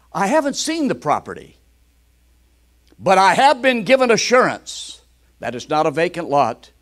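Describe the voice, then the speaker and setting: An older man preaching a fervent sermon with exclamations. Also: on the high side.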